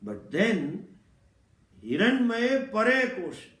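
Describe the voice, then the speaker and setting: A man giving a scripture lecture as a spiritual teacher, speaking slowly and deliberately and explaining Sanskrit terms. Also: high-pitched, huge pitch swings, a bit bright, echoey room.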